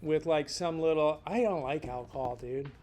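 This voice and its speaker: Guy teaching a loose class, kinda high voice, jokey, says dude a lot. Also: normal speed, a little mellow. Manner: rambling and jokey, slangy asides. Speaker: instructor. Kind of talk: casual lecture.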